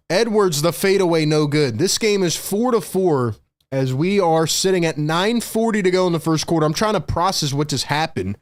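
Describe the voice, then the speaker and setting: This is a young male stream host doing live play-by-play for his chat, excitable and short of breath. He speaks at a normal speed with a fairly high pitch.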